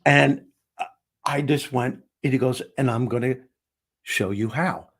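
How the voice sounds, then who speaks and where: A man with a husky, somewhat breathy voice tells a story in conversation. He acts out every exchange, dropping his voice low for the quiet moments and lifting it for the excited ones. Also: measured pace. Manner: acts out dialogue, shifting voice for each person. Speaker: guest, comedian and speaker.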